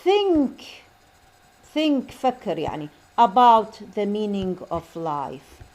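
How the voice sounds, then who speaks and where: Slow-drilling English teacher. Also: female voice, mid-range voice, animated, a little mellow. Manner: slow careful model sentences, quick asides in Arabic; repeats phrases for drilling. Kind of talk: bilingual classroom lesson.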